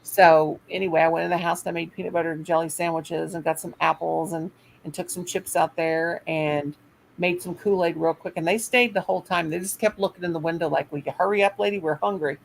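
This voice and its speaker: Gravelly older woman telling a rambling story. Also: fairly low pitch, brisk, a little hiss or hum, rough recording. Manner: rambling, animated quoting of others. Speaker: retired teacher telling a story. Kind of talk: casual storytelling chat.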